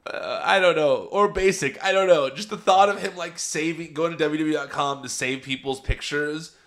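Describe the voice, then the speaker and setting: A man's voice: a little high, moderate pace, fairly bright tone. A young adult man hosting a podcast, giving a chatty, casual recap of a wrestling show and laughing often as he tells it. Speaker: podcast host.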